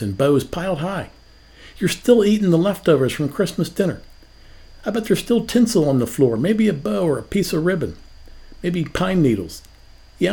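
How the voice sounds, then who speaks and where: A man's voice: a little high, a little mellow. An older man preaching a sermon as a pastor, asking rhetorical questions in a conversational way.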